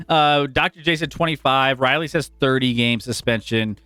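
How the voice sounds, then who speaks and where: A man's voice: mid-range voice, unhurried, pushed and bright, clean tone, no echo, soft background music. A man co-hosting a casual sports chat show, who laughs often and talks in a loose, chatty way. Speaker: co-host.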